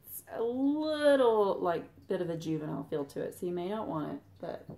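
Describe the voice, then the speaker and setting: Chatty Southern woman vlogger, lowish voice. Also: fairly even intonation, fast, creaky, warm tone. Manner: chatty, talks straight to viewers. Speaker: Flosstube vlogger. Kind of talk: casual chat while unboxing.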